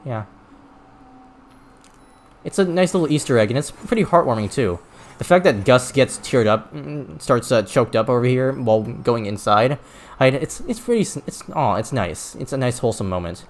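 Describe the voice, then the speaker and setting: A man's voice: mid-range voice, expressive, normal speed. A man streaming a video game, talking casually in a rambling way with many restarts and stumbles. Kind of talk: casual gameplay commentary.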